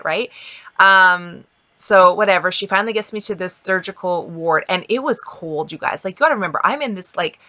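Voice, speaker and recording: A woman's voice: on the low side, bright, forceful tone. A middle-aged woman from Canada, chatting casually as a vlogger and telling a story with lots of fillers and quoted asides.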